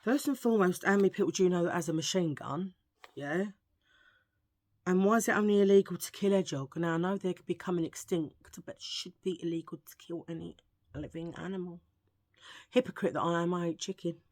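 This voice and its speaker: A woman's voice: fairly low pitch, brisk, darkish tone, no room sound, studio quality. A woman with an English accent, chatting casually and cracking jokes for her viewers, a bit under the weather. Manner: chatty, joking, cheeky asides. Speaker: vlogger. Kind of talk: casual chat.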